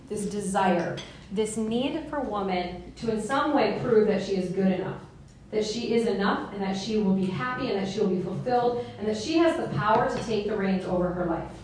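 Woman in her 40s, lively storyteller giving a talk, far from mic, very echoey room. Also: mid-range voice, slight background noise. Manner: animated, laughing storyteller. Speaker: speaker. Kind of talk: talk to a live audience.

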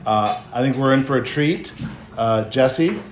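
A man introducing a guest speaker at an event, halting and full of fillers. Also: medium pitch. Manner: hesitant, many fillers. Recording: echoey room with faint noise.

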